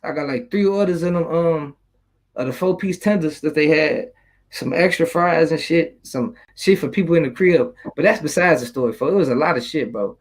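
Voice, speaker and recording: High-voiced young man, rambling story. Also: normal speed, rough recording. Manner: streetwise slang, loose and rambling, swears freely. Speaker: YouTuber telling a story. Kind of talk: casual storytelling.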